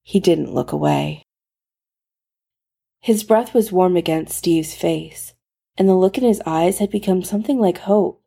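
Slow, gravelly woman story narrator. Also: lowish voice, dark tone. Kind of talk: reading fan fiction aloud.

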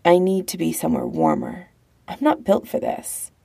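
A woman voicing a sleepy, playful young man who longs for somewhere warm, speaking softly. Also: low-pitched, wildly swooping pitch, normal speed, creaky, breathy edge, exaggerated voice. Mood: sleepy teasing. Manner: drowsy, playful, soft. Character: sleepy, teasing young man wanting warmth.

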